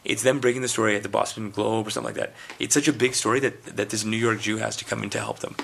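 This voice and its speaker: Fast-talking gravelly man, casual chat. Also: fairly low pitch, a little hiss or hum. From India. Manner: rambling, animated storytelling with quoted voices.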